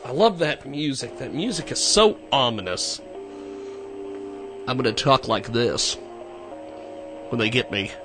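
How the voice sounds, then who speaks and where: A man's voice: mid-range voice, a little slow, pauses often, music in the background. Man hosting a prank radio call. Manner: playful, mock-innocent. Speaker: radio show host.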